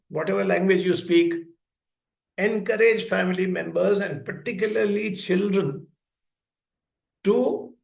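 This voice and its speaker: Guy giving a talk, kinda high voice, slow and deliberate, echoey hall. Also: creaky. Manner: slow, deliberate, acts out child and parent dialogue. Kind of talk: lecture with plain everyday examples. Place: school hall. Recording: echoey room.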